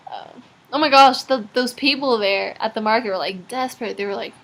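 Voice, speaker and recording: A woman's voice: a little high, brisk, fairly bright tone. Chatty teenage girl's video diary. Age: teens. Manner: rambling, chatty, lots of fillers. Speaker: vlogger.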